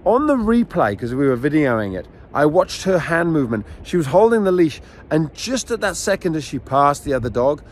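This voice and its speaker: Middle-aged man, dog trainer: chatty, animated teacher who acts out his anecdotes, a touch high-pitched, recorded outside by the beach. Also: moderate pace, a little hiss or hum. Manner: animated storyteller, acts out scenes. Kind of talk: casual outdoor teaching talk with anecdotes. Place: outdoors near a beach. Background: faint outdoor ambience with waves.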